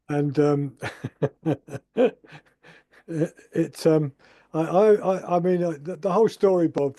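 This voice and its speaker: Club host, a man, warm and mellow, chatty with frequent laughs. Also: on the high side, dry recording. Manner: chatty, laughing often, halting. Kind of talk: casual chat.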